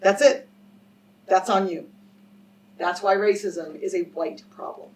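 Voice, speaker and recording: At a public lecture, a woman scholar recounts a story to the live audience in a medium-pitched, fairly even voice, a little slow. She is emphatic and direct and often asks the crowd questions. She is slightly far from the mic, and faint background noise can be heard.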